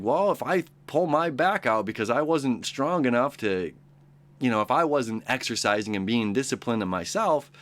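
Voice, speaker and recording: Animated man rambling about astrology. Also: medium pitch. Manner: rambling, animated, acts out quoted friends. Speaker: astrology show host. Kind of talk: casual daily horoscope talk.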